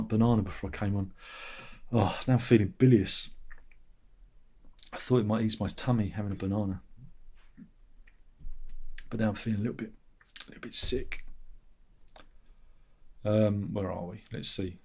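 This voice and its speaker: A man's voice: lively intonation, moderate pace, darkish tone. A middle-aged man, hosting a casual livestream chat in a sardonic, grumbling way. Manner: sardonic, grumbling, mocks commenters in a high whiny voice. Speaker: channel host.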